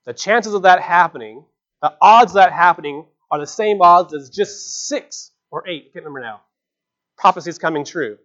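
A man's voice: high-pitched, expressive, normal speed, fairly bright tone. A man preaching a sermon in an earnest, conversational way, with frequent rhetorical questions, in a dull lo-fi recording.

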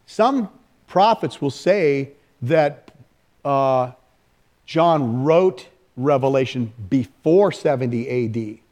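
A man preaching an informal church teaching, animated and conversational, with frequent restarts. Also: mid-range voice. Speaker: pastor.

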